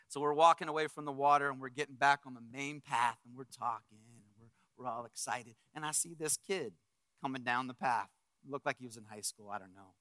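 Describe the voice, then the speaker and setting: A middle-aged man preaching as a pastor, telling a story with acted-out quotes and swings from loud bursts to hushed reflection. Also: mid-range voice, brisk, dry recording. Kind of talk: sermon storytelling.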